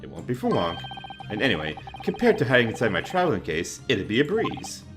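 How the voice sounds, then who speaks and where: A man voicing a confident young man who teases his friend in a calm, dry manner. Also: on the low side, a little fast, music in the background. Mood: teasing.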